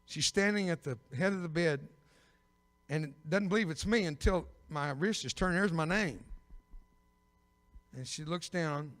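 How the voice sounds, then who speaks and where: An older man preaching a personal testimony sermon as an evangelist, telling his story with bursts of loud emphasis and dry humor. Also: a little high, measured pace, pauses often. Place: church sanctuary. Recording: long reverb of a big church.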